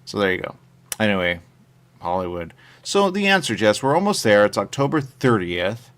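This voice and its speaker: A man's voice: on the low side, very animated, moderate pace, fairly bright tone. A man hosting a talk radio show, rambling casually and quoting people in little voices, often saying "there you go". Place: radio studio.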